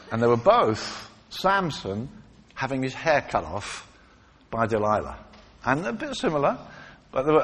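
Man preaching, lively up-and-down voice, bit husky, acts out the quotes, long hall echo. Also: mid-range voice. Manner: animated storytelling, acts out quotes, emphatic repetition. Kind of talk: sermon. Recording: long reverb of a large hall.

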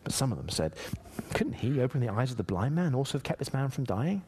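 A man's voice: mid-range voice, fast talker, slightly rough. A man preaching a sermon, reading scripture aloud and acting out quotes with rising emphasis. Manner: animated, emphatic preaching with dramatic voiced quotes. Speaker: pastor.

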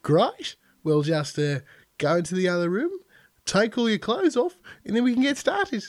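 A man voicing a chirpy, bossy Australian female receptionist in a shrill put-on voice during a joke. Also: expressive, normal speed, no room sound, clean studio sound. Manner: high, bossy and cheery.

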